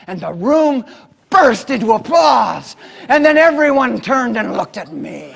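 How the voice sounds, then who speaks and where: A man giving a storytelling keynote to a conference audience, dramatic, swinging from whispers to loud bursts. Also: very high-pitched, very animated, measured pace, vocal fry, slightly rough, in a large hall. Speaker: motivational keynote speaker.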